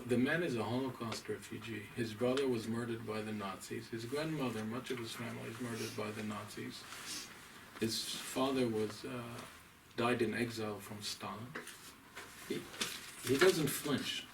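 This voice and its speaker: A man, a rabbi, giving a deliberate, emphatic, scholarly lecture to a small audience. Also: medium pitch. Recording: distant mic, faint room noise.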